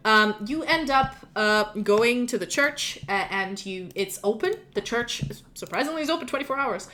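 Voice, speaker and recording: Woman game master, slightly high voice, loose rambling narration. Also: expressive, normal speed, bright, forceful tone. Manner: rambling, filler-heavy, laughing asides.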